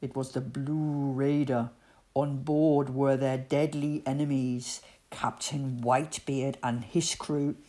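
A woman reading a children's storybook aloud in an expressive storytelling voice. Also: extremely low pitch. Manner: expressive, slow, lively storytelling.

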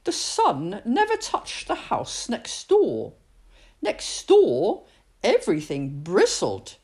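A woman reading a picture book aloud, expressive, with dramatic pauses. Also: medium pitch, husky. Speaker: storyteller.

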